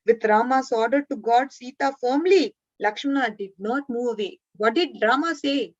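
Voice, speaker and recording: A woman's voice: sits high, normal speed, few pauses, no echo, dull audio. A woman teacher telling a story to children, often stopping to ask the class questions and now and then scolding a student. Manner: asks the class frequent questions.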